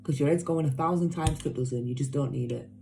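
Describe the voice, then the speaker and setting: A woman's voice: very deep voice, fast, creaky, background noise. A woman giving a casual tarot reading to her viewers, talking emphatically and bluntly, swearing, repeating herself and caring. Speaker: tarot reader.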